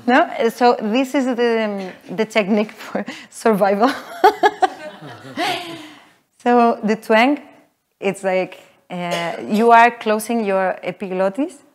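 A woman teaching a voice workshop to a live group, explaining in a halting way with many fillers. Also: medium pitch. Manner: halting, filler-heavy explaining, with frequent laughs. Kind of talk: live teaching talk with sung demonstrations. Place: workshop room with an audience.

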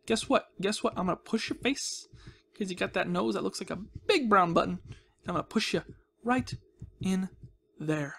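A man's voice: sits high, expressive, moderate pace, vocal fry, pauses often, a bit bright. Playful man narrating his gameplay. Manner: playful, talks baby-talk to villagers, jokey asides. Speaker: gaming video host. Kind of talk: casual Minecraft let's-play commentary. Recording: faint background noise.

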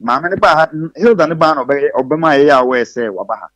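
Halting Ghanaian man, dry close sound. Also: a little high, a bit bright, dry recording. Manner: halting, restarts while recounting. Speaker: complainant guest.

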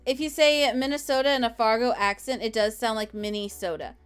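A woman's voice: fairly high pitch, fairly quick, clean tone, faint music behind. A woman live streamer chatting casually from home while she plays a game, rambling as she answers viewers' messages.

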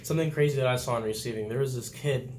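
A young man who is a Navy sailor, chatting casually and telling boot camp stories with lively, laughing delivery. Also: mid-range voice, rapid-fire, slight background noise. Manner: animated storytelling, laughs often, acts out quotes loudly. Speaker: vlog host, Navy sailor. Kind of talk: casual chat.

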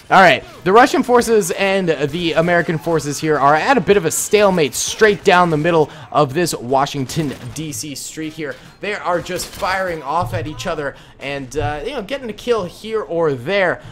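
The young adult host of a gaming channel, a man from the Boston area, offers relaxed, chatty gameplay commentary that pokes fun at himself. His voice is a little high.

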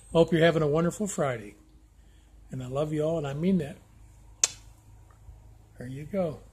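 An older man with a somewhat high voice films a casual video diary on his phone outdoors beside a lake. He talks in a halting, heartfelt way, often restarting his sentences. Faint outdoor noise sits behind him. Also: darkish tone. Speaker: vlogger. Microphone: handheld phone camera.

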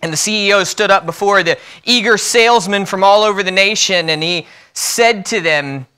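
A man's voice: sits high, moderate pace, pushed and bright, clear, resonant tone. A man preaching a sermon in a church, mixing self-deprecating jokes with earnest, emphatic points. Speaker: pastor. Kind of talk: sermon with opening prayer. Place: church sanctuary.

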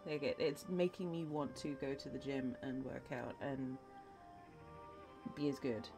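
A woman's voice: a bass voice, fairly even intonation, a little slow, over music. A young woman streaming live while she paints, tired and worn out, reading her chat aloud and answering viewers with encouragement. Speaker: livestreamer.

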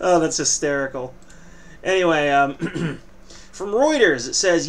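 A man's voice: on the high side, expressive, moderate pace, slight background noise. Joking vlogger man with a raised voice. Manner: joking, playfully boastful asides. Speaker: news commentary vlogger. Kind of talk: casual news commentary reading articles aloud.

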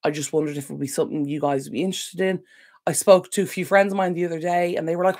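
Deep and darkish in tone, this woman's voice moves fast as she hosts a casual Q&A livestream for her decluttering channel. She sits at a computer at home with a desk microphone, recovering from illness, rambling apologetically and getting sidetracked easily.

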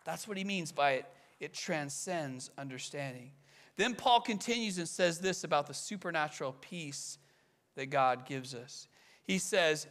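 A male pastor delivers a sermon in a high, bright voice. He talks in an earnest, conversational way, tossing out rhetorical questions. He slows down to stress the key phrases. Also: expressive.

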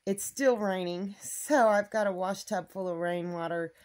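This homestead vlogger has a mid-range, somewhat mellow voice and talks at a measured pace. Addressing the camera casually, she rambles and thinks out loud, starting in a small home at night before moving outdoors to the yard.

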